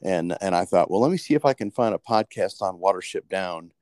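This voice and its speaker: A middle-aged man from Colorado records a casual voice message. His voice is low and deep. The sound is dry and close, and his talk is halting. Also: expressive, a little mellow, no room sound. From Colorado, United States. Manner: halting, with fillers and restarts. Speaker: listener leaving a voice message.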